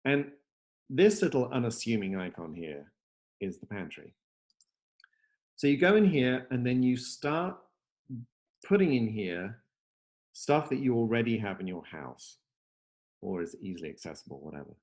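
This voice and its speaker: A man's voice: medium pitch, sing-song, normal speed, pauses often, darkish tone. A man hosting a casual video-call chat, demoing his app from home in an upbeat, rambling way with lots of fillers and restarts. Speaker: software company host demoing his app.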